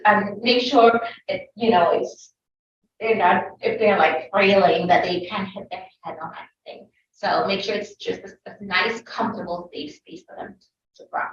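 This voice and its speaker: A woman's voice: mid-range voice, steady tone, moderate pace. Firm woman teacher in an echoey room. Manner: firm, direct advice with repetition. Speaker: toddler teacher. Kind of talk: panel discussion answers. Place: school event room. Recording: echoey room from far off, dull lo-fi, faint hiss.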